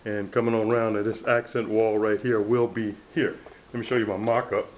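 Man with a lowish voice, chatty self-promoter, walking a house on a handheld camera mic; dull lo-fi audio. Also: flat delivery, fairly quick. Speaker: plaster artist. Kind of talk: casual walkthrough video. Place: indoors in a house, walking between rooms. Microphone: handheld camera mic, filming himself.

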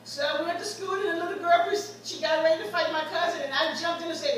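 A woman preaches with mounting fervor, weaving stories from her own life into the sermon. Her voice sits very high and rings bright and forceful. It carries through a very echoey church and is picked up from well away from the mic. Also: fairly quick, recorded from a distance. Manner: preaching with rising fervor, storytelling. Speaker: guest preacher. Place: church sanctuary.

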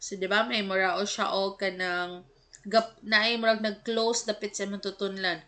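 A woman teacher, going through test answers slowly and explaining each one, mixing English with Cebuano. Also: medium pitch, little pitch movement, sharp tone.

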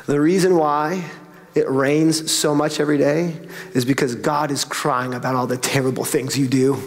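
A stern, devout old Jamaican grandmother, as a pastor puts her on. She leans in low and scolding in a thick Jamaican accent, and a long hall reverb hangs behind her. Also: flat delivery, normal speed, natural voice. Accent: Jamaican, put on.

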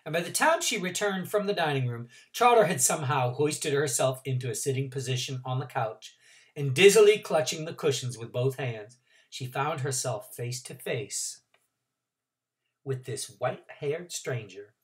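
A male teacher reading a novel aloud to his class in an expressive storytelling voice. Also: medium pitch, normal speed, recorded from a distance.

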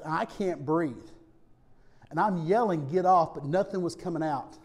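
A male pastor preaching a sermon conversationally, often checking in with "okay?" and dropping to hushed tones for serious points. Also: a little high. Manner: storytelling with rising emphasis, softening to hushed tones.

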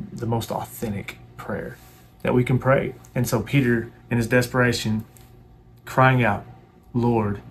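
A man's voice: medium pitch, vocal fry. A male pastor giving an earnest devotional sermon and leading a pleading, repetitive prayer.

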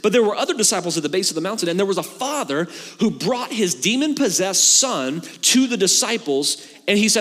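A pastor with a high, brisk voice preaches a sermon, telling the story casually and jokingly while acting out the dialogue. The church sanctuary gives the recording a long, hall-like reverb.

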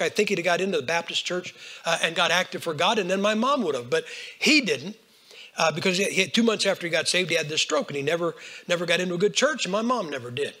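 An older man preaching a folksy storytelling sermon, swinging between hushed lines and loud bursts. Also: sits high. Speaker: Baptist preacher.

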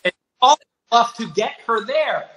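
A man rambles happily through a memory, his pitch swinging up and down. The recording has a roomy echo. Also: animated, measured pace, a bit bright. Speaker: guest performer. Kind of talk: anecdotal chat over video call.

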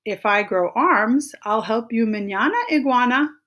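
A woman's voice: on the high side, lively intonation, unhurried, fairly bright tone, pitched above the performer's own voice. A woman voicing a sly male rattlesnake in a storybook read-aloud who always promises to help tomorrow.

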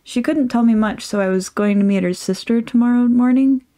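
A woman's voice: a little high, brisk, warm tone, voice pushed up, close to an everyday voice. A woman voicing a flustered young man in a storybook reading, nervous and defensive.

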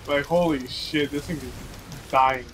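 A man's voice: on the high side, fairly even intonation, a little slow, a little hiss or hum. A man streaming a game, chatting casually with friends and swearing freely. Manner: laid-back, swears casually. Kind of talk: casual gaming chat.

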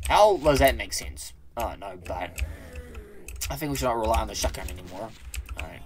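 A man hosting a let's play, commenting excitedly on his own gameplay, exclaiming, swearing and rambling as he corrects himself. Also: lowish voice, a little fast. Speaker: gaming channel host.

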